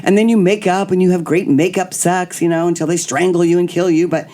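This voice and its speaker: A middle-aged woman hosting a podcast, telling candid personal stories in an animated way and acting out the voices of people she quotes. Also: fairly low pitch, a little fast. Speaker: podcast host. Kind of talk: candid storytelling chat.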